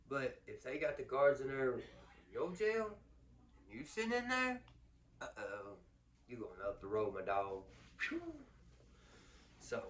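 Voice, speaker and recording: Slangy man telling a story. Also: medium pitch. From Kentucky. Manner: slangy, animated, acts out other voices. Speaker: vlogger. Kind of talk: casual storytelling. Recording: distant mic with faint noise.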